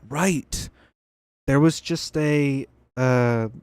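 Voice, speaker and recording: A man's voice: medium pitch, drawn-out words, darkish tone, clean tone, dry recording. A young man giving casual, rambling commentary on a video game as he plays, thinking aloud. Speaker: gameplay video creator.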